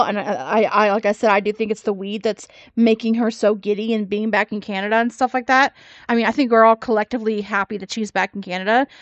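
A woman's voice: a little high, a bit bright, no echo. A woman giving sassy, mocking reaction commentary on another creator's video. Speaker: commentary YouTuber.

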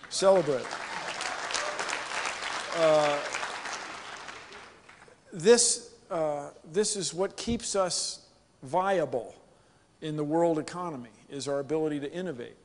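A man from the United States giving an animated, joking conference keynote to a live audience. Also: on the high side, slow, pauses often, some chatter behind, a little hiss or hum. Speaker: keynote speaker. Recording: long hall reverb.

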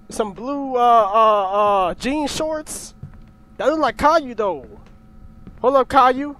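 A man's voice: extremely high pitch, takes it slowly, fairly bright tone. A young man nervously commentating a horror game, jumpy, often swearing and yelping. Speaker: gaming YouTuber.

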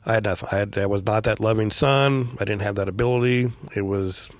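A middle-aged man telling a personal story as a podcast guest, in a quiet, halting way with many pauses and fillers. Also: lowish voice, steady tone, no room sound. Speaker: guest, veteran paramedic.

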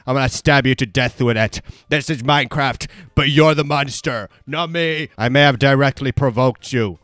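A man's voice: medium pitch, normal speed, few pauses, fairly bright tone, no room sound, studio quality. A young man giving sarcastic, rambling commentary over his own Roblox gameplay as a YouTuber. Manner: sarcastic, rambling, self-mocking.

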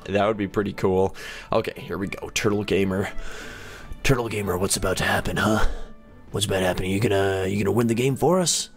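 Excitable young man commentating gameplay. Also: fairly low pitch, vocal fry. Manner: excitable, talks to players in the game. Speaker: gaming YouTuber.

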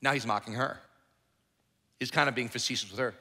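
Middle-aged male pastor, bright and forceful, chatty and joking; long echo of a big church. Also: medium pitch, fairly even intonation, a little fast, vocal fry, pauses often, slightly rough. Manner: conversational, joking, acts out the Bible characters. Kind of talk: sermon. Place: church sanctuary. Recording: echoey hall, long reverb.

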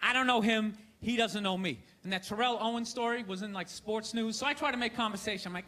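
A man doing a stand-up set in a theater, ranting loudly with sarcastic delivery. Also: high-pitched, fast talker, few pauses. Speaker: stand-up comedian. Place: theater stage. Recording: live show with crowd laughter and noise. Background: audience laughter.

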